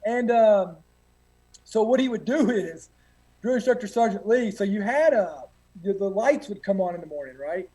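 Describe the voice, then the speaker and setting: A guest with a high, expressive voice and a warm tone tells boot camp stories at a moderate pace, and the audio quality is poor. His casual storytelling rambles, with plenty of profanity and fillers.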